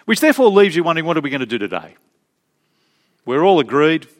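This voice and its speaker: A man preaching a sermon as pastor, emphatic, slowing down to stress key phrases. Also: fairly high pitch, very animated. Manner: emphatic, varied pace with slow stressed phrases.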